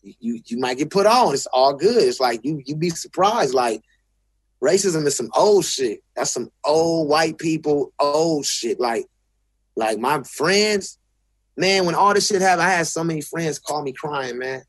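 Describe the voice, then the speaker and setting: Husky LA guy cussing and restarting in a casual interview, dry close sound. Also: a little high, lively intonation, measured pace, no room sound. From South Central Los Angeles. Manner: blunt, profane, restarts often. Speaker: guest.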